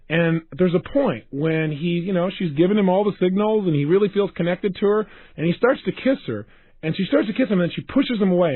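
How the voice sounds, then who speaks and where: Animated, husky man giving a motivational talk. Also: sits high, no room sound. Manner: animated, asks the listener rhetorical questions. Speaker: self-help speaker. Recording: dry, tinny phone-like sound.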